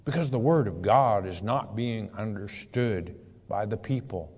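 A man's voice: on the low side, unhurried, darkish tone, husky, in a large hall. A man teaching scripture verse by verse, reading each passage and then explaining it in plain words. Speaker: preacher.

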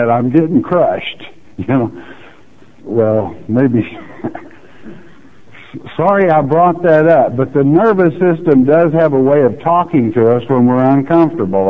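Slow folksy preacher, tinny sound. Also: male voice, medium pitch. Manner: folksy, teasing asides. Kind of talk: verse-by-verse Bible teaching. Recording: tinny phone-like audio.

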